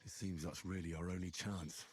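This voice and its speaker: A man's voice: sits low, fairly even intonation, slightly rough. A polite young medieval man. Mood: inquiring. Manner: measured, polite questioning. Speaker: player character.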